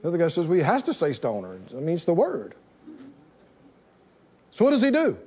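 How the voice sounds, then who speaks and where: Animated preacher man, lively high voice. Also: a little fast, breathy edge, lo-fi sound. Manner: animated, repeating phrases for emphasis. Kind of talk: sermon. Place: church in front of a congregation.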